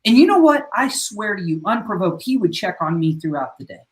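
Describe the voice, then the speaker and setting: A man's voice: high voice, sing-song, a little fast, slight background noise. A man who works as a school principal, telling earnest stories in a casual podcast conversation and acting out what his students say. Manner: earnest storyteller, acts out quotes of students.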